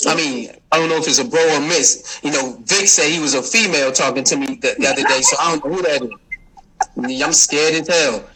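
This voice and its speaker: A man's voice: on the high side, normal speed, long pauses, pushed and bright, a little hiss or hum, poor audio. A man hosting a livestream, chatting casually with viewers, teasing them and laughing often. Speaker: livestream host. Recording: music playing behind.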